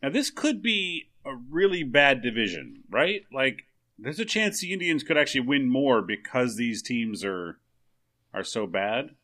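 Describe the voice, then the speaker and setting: A man's voice: mid-range voice, big pitch swings, a little slow, sharp tone. A man co-hosting a podcast in casual chat, joking and poking fun at himself. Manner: joking, self-mocking. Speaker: podcast co-host.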